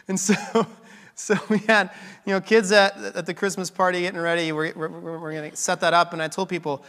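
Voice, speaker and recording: A man's voice: high voice, level tone, normal speed, fairly bright tone, in a large hall. A pastor telling a story in a sermon, conversational and full of restarts, his voice a little worn.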